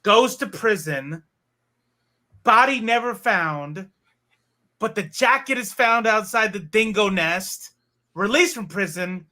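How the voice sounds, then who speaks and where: A man's voice: high-pitched, expressive, takes it slowly, pauses often, sharp tone. A man co-hosting a casual comic book chat show, joking and rambling with crude humor. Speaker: podcast co-host.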